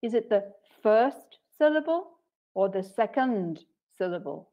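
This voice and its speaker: A woman training English teachers in an online session, explaining patiently and clearly with frequent "okay"s. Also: mid-range voice, expressive, unhurried, phone-quality sound. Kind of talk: webinar teaching talk.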